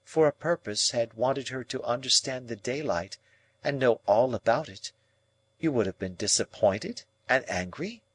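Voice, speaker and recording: A man reading an audiobook, voicing a proud, cool young woman who speaks in measured, cutting reasoning. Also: medium pitch, lively intonation, slightly rough, no echo. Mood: musing.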